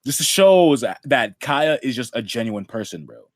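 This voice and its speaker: A man's voice: mid-range voice, expressive, a little slow, dry recording. A man co-hosting a podcast, chatting casually and profanely about an anime, full of slang and "bro". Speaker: podcast co-host.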